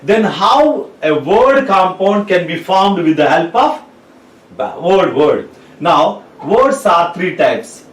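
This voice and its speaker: A man's voice: sits high, big pitch swings, slow pace. A man teaching a lesson, spelling words out letter by letter and repeating them. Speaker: English teacher. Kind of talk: classroom lecture. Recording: roomy, mic at a distance.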